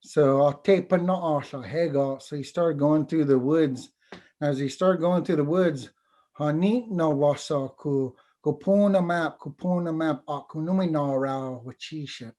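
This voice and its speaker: A man, a teacher and storyteller, telling a folk tale over a video call in an unhurried, halting way. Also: fairly high pitch, warm tone. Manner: unhurried, halting, repeats words. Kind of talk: oral storytelling.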